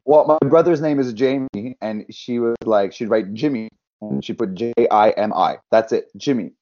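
A man's voice: lowish voice, normal speed, dark tone, dull audio. A man from Canada, a podcast guest, telling stories in casual chat and acting out the people in them. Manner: storytelling, quoting people in voices.

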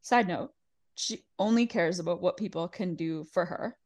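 Her voice sits on the low side and moves at a moderate pace. She's a woman co-hosting a podcast, recapping a reality show in a loose, chatty way, cursing and acting out what the cast said with lots of energy.

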